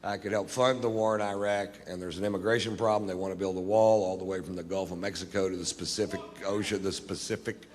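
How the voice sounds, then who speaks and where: Guy doing standup, deadpan drawl, cussing, big echoey theater, audience buzz. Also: deep voice, quick pace, few pauses. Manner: drawling deadpan storytelling with profanity. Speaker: stand-up comedian. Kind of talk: stand-up comedy set. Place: theater stage. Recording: live show in a reverberant hall with audience noise. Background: audience laughter.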